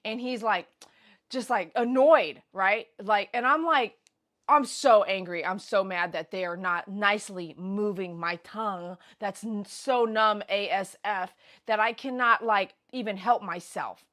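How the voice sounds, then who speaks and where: A woman hosting a casual livestream, telling a story in an animated, blunt, slangy way with loud bursts. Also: medium pitch, unhurried. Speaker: pet groomer host. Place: grooming shop.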